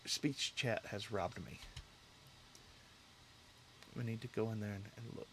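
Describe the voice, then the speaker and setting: A man's voice: mid-range voice, a little hiss or hum. A man hosting a casual livestream, rambling and talking straight to his chat viewers from a home setup. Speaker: livestream host.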